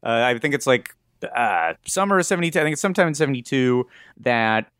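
A man's voice: medium pitch, expressive, quick pace, a bit bright, clean tone, no echo, clean studio sound. A man hosting a casual podcast chat, telling a story with fillers and asides. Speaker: podcast host.

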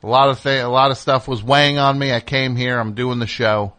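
Rambling male radio host, pitch jumping. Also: steady tone, a little fast, pushed and bright. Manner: rambling and self-interrupting, pitch jumping up when worked up. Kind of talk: candid monologue on a call-in show. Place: radio studio.

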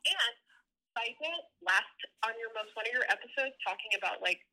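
Bright chatty woman on a phone call. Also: fairly high pitch, animated, brisk. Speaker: caller. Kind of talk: casual phone chat.

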